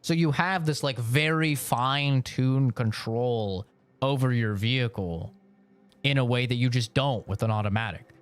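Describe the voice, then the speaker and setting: A man's voice: medium pitch, measured pace. A young man streaming, telling a story in casual, rambling talk full of slang and laughs.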